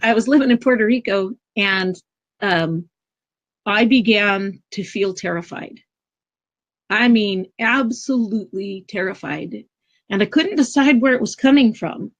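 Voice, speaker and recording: A middle-aged woman guest speaking earnestly about prayer and intention, telling personal stories in a lively way over a video call. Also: medium pitch, a little slow. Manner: earnest, animated storytelling with lively quoted voices. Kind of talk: casual storytelling interview. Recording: dull lo-fi call audio.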